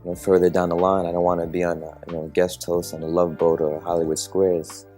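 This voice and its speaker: A man's voice: low-pitched, flat delivery, fairly quick, dark tone, faint music behind. A man who is a filmmaker answers talk-show interview questions in a wry, amused way.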